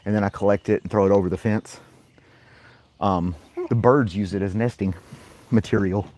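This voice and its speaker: Out in the backyard with his dog, a man chats casually, chuckling often and giving playful commands. His voice is fairly low, warm and steady at normal speed; he's a vlogger and podcast host.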